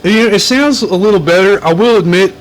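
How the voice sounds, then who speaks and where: A man's voice: high voice, a little fast, slight background noise. A man with a Delaware accent hosting a comedy podcast, rambling in casual comic chat, poking fun at himself and calling himself by name. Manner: rambling, self-mocking, calls himself by name.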